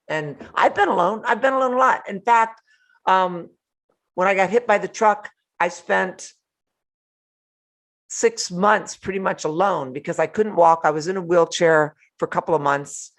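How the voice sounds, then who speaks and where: An older woman hosting a live motivational talk from home, animated and playful, laughing often between remarks. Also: fairly low pitch, moderate pace. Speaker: host.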